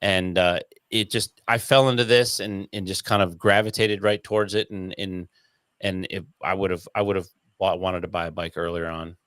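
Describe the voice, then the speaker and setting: Animated, swearing male storyteller, dry sound. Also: deep voice, moderate pace, dry recording. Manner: animated, acts out quoted voices, swears casually. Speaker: interview guest. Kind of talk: casual storytelling.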